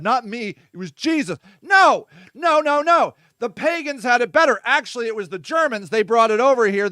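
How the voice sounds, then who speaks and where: Host, male, very high bright voice, dry close sound, loose irreverent riffing with shouted bursts. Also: dry recording. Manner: vamping, talks to his audience. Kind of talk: casual solo monologue.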